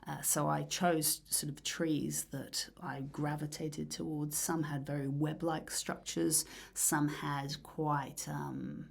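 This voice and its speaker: A woman musician talking casually in an interview, rambling and dreamy with many fillers and soft breathy asides. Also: deep voice, little pitch movement, takes it slowly, hardly any pauses. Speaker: musician guest.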